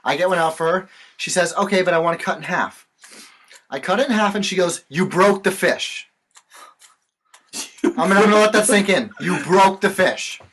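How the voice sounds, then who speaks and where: Young guy ranting about customers, bright high voice, a little hiss behind. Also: fast, poor audio. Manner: profane, ranting storyteller. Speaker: podcast co-host. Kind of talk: casual chat.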